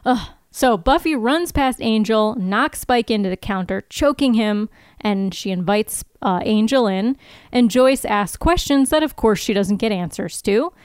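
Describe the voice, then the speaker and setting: A woman co-hosting a podcast, recapping scenes in casual chat, animated and laughing often. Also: fairly high pitch, measured pace, clear, resonant tone, no room sound, studio quality. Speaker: podcast co-host.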